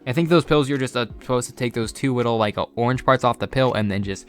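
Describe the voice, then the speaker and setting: A man's voice: mid-range voice, fast, soft background music. A young man telling a casual storytime monologue, rambling and swearing with plenty of fillers. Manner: rambling, profane, filler-heavy. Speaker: storyteller vlogger.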